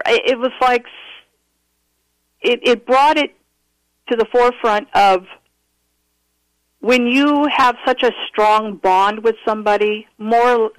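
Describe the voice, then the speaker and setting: A man calling in to tell a personal story, earnest and animated, often restarting his sentences. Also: high voice, no echo, rough recording. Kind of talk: casual storytelling interview.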